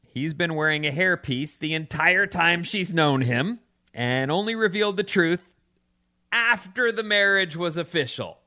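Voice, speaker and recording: A man's voice: fairly high pitch, lively intonation, a little slow, pushed and bright. A man co-hosting a radio show, chatting casually and reading out offbeat news stories. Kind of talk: casual chat.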